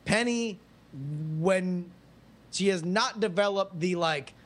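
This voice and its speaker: A man's voice: high voice, a bit bright. A man in his thirties on a podcast, joking and swearing casually with his co-host. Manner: joking, profane, quick interjections. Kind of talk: casual chat.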